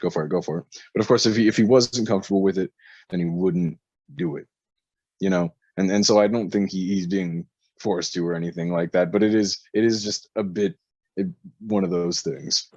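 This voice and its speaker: A man's voice: low-pitched, a little fast, dry recording, muffled recording. A man co-hosting a podcast, chatting casually about wrestling, swearing often and laughing as he tells stories. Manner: profane, laughing, animated storytelling. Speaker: podcast co-host.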